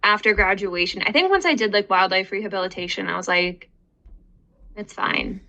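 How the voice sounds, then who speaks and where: A woman in her twenties chatting casually as a podcast guest, relaxed and trailing off, with lots of filler words. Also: medium pitch, quick pace, dull audio. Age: 20s. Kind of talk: casual chat.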